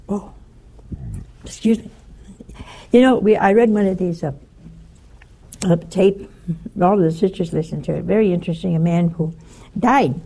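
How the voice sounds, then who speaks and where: A woman's voice: fairly low pitch, unhurried, pauses often, breathy edge. An older woman giving a sermon-style talk, telling stories with animation and voicing the people in them. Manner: animated storyteller, voices the people in her stories. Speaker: religious speaker.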